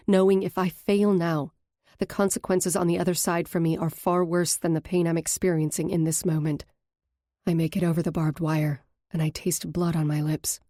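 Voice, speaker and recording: A woman narrating a romance audiobook in the first person with steady, earnest storytelling. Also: low-pitched, no echo, clean studio sound.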